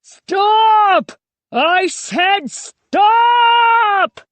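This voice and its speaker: A woman voicing a wild-eyed, desperate grown man who shrieks frantic commands, at a slow pace. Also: very high voice, dry recording, pitched above the performer's own voice, full character voice. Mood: shrieking.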